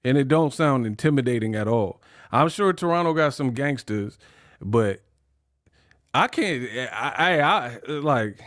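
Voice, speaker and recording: A young man hosting a live boxing stream, talking in animated slang. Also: medium pitch, unhurried, no room sound. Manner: animated, slangy, laughs at his own jokes. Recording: dry close mic.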